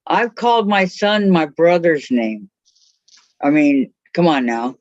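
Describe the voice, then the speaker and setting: A woman's voice: low-pitched, very animated, slow, darkish tone, dry recording. A woman joining a craft class from home, chatting casually over a video call and often trailing off mid-thought. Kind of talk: casual chat while crafting. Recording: dry, muffled video call audio.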